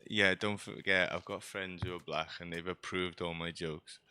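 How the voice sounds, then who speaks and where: Bright-voiced chatty man. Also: low-pitched, fairly even intonation, moderate pace, clean tone. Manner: chatty, joking, sarcastic asides. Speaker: streamer. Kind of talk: rambling gameplay commentary.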